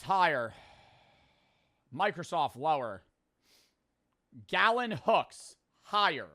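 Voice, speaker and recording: Young man, gaming streamer, bright tense voice, lively swooping pitch, mutters then yells, swears a lot. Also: measured pace, long pauses. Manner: excitable, swings from low mutters to sudden shouts, swears freely. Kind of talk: live gaming commentary to chat.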